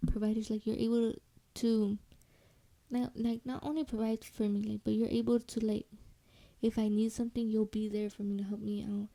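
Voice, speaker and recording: A young woman hosting a solo podcast, telling a personal story casually, with slang and Spanish phrases mixed in, often dropping to a soft whisper. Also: fairly high pitch, little pitch movement, normal speed, creaky, no room sound. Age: young adult.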